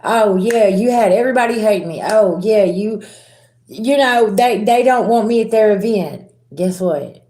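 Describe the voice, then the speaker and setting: A woman's voice: mid-range voice, measured pace, dark tone, roomy sound. Sassy, blunt woman doing tarot readings. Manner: blunt, sassy, with slang and swearing. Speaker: tarot reader. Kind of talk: casual spiritual reading to viewers.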